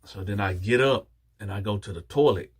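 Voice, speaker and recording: A man's voice: fairly low pitch, brisk, breathy edge. A man telling a story casually and animatedly, acting out the dialogue and talking straight to his listeners. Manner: animated, acts out dialogue, addresses listeners directly. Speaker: storyteller, channel host.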